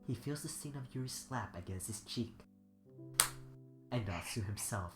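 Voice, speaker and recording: A man's voice: lowish voice, expressive, normal speed, long pauses. A sick, congested man reading fanfiction aloud in a rambling, giggly, off-the-cuff way. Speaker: fanfiction reader. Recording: echoey room with loud music.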